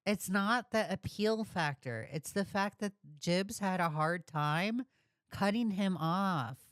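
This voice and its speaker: Slow, smooth-voiced woman ranting. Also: medium pitch, no room sound, studio quality. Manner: blunt, profane, heated. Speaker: reaction streamer. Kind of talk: reaction commentary.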